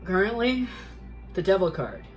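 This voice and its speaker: A woman's voice: medium pitch, lively intonation, normal speed, faint music behind, low-quality recording. A woman giving an earnest, emphatic tarot reading, repeating herself and swearing for emphasis. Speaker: tarot reader. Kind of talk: spoken tarot reading, motivational.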